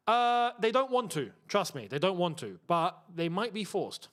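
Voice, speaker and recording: A man's voice: sits high, very animated, a little slow, a bit bright. A young man casually hosting a live football watchalong, chatting in slang and reading out viewer messages. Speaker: host.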